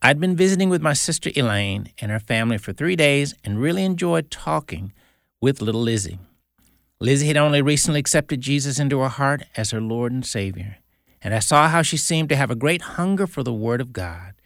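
A man's voice: mid-range voice, expressive, a little fast, gravelly, a bit bright, dry recording, studio quality. A man hosting a Christian radio show, telling a story in an earnest, folksy way.

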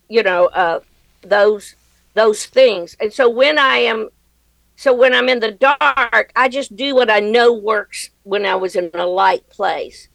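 A woman's voice: on the high side, vocal fry, a bit bright, dry recording, poor audio. A middle-aged woman comedian giving a guest interview, talking earnestly and reflectively and laughing easily. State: widowed. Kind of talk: conversational interview answers.

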